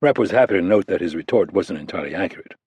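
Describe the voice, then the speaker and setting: A man reading a thriller audiobook aloud in a measured, steady narration. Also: sits low, breathy edge, dry recording. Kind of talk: scripted narration.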